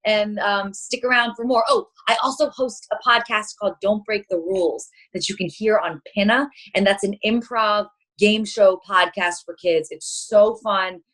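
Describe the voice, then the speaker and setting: A woman's voice: mid-range voice, normal speed, few pauses, a bit bright. A woman in her thirties, a children's TV performer, chatting enthusiastically as a podcast guest and laughing easily. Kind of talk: casual interview chat.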